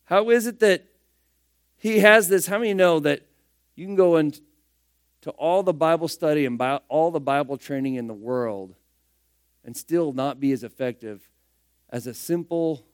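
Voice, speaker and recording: A man preaching a sermon, firing rhetorical questions and swinging between loud emphatic bursts and hushed asides. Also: mid-range voice, moderate pace, smooth, dry recording, clean studio sound.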